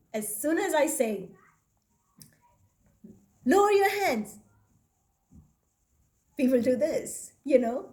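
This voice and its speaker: A woman teaching presentation skills, talking straight to her viewers and showing shifts in pitch and inflection as she explains them. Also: mellow. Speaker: speaking coach. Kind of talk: instructional talk to camera. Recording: echoey room.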